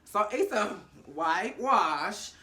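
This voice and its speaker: Animated, slangy woman with a bright voice. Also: mid-range voice, very slow. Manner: animated, acts out characters' lines in different voices; slangy and profane. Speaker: TV episode recap host. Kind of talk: casual storytelling recap.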